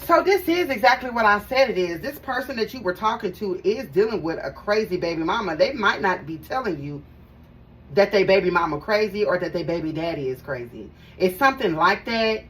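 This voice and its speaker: A woman's voice: mid-range voice, expressive, brisk. A woman giving a casual tarot reading to her viewers, chatty and emphatic, repeating phrases and talking straight to them. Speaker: tarot reader. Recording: voice a bit far from the mic, faint background noise.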